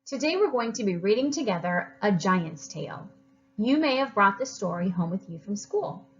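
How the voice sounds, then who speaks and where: Woman teacher reading to kids, super lively up and down voice, dull lo-fi mic. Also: mid-range voice, moderate pace. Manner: expressive, animated, encouraging. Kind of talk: reading a story aloud to children.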